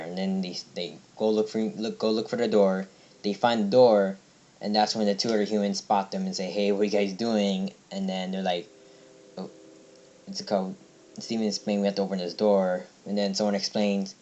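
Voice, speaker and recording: A man's voice: fairly low pitch, fairly even intonation, moderate pace, a little mellow. Rambling young man recapping a cartoon. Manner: rambling, many fillers and restarts. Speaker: video reviewer. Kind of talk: casual episode recap and review.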